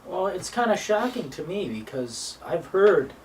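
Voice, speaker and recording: A man in casual stream chat whose pitch leaps around a lot, profane and slangy. His voice comes from well off the mic, with faint noise behind it. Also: big pitch swings, unhurried, distant mic.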